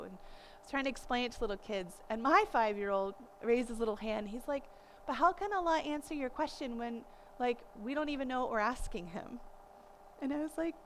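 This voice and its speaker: A woman's voice: mid-range voice, slight background noise, poor audio. A woman in her thirties giving a conversational lecture on parenting, telling stories animatedly and acting out the voices of people she quotes. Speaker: parenting course teacher.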